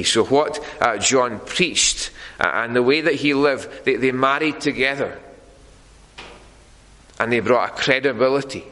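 A man preaching a sermon in a church, earnest and deliberate, pausing often on fillers. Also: medium pitch, bright, forceful tone, long reverb tail, rough recording.

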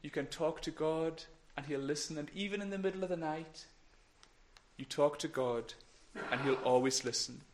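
High-voiced man leading a children's talk. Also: normal speed, slight background noise. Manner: playful, encouraging, drops to whispers. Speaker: minister giving a children's talk. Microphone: microphone.

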